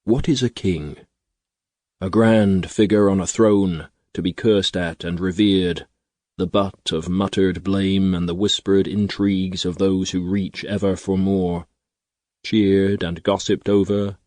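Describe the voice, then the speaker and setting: A man narrating an unabridged fantasy audiobook in a measured, steady storytelling voice, recorded on a studio microphone. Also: low-pitched, dry recording. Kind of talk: scripted narration.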